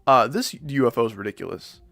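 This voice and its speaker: Gravelly-voiced man rambling through gaming commentary. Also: medium pitch, animated, brisk, fairly bright tone, no room sound, faint music behind. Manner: rambling, jokey, self-deprecating. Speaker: streamer.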